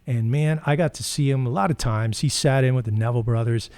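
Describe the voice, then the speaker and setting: A man in the middle of his register tells music stories in a relaxed, rambling way. He stops for fillers and restarts as the memories come back. The recording is dry and close, with no room sound. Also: medium pitch, a little fast, no echo. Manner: rambling, anecdotal, with many fillers. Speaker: guitar channel host. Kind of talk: casual storytelling.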